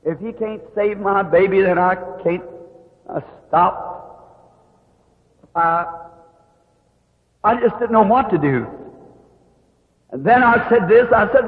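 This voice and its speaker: Emotional preacher, tinny old hall recording. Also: male voice, unhurried, pauses often. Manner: emotional, pleading, rising to high cries. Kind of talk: emotional sermon testimony.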